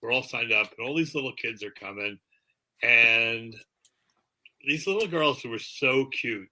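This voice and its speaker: A man's voice: mid-range voice, a little slow, bright, forceful tone. A man hosting a podcast, joking with his co-hosts and telling a story with frequent laughter. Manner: laughs often, jokey storytelling. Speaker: podcast host. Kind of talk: casual banter.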